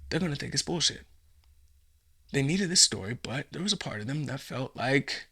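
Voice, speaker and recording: A man hosting a comedy podcast, ranting in a profane, rambling monologue and jumping into acted-out scenes. His voice is gravelly with a bright, forceful edge. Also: medium pitch, expressive, normal speed, pauses often.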